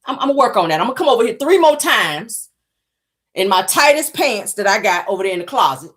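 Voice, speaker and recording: A woman voicing a flirty, scheming female house guest who talks in a fake-sweet, breathy way. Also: mid-range voice, big pitch swings, quick pace, fairly bright tone. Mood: sugary.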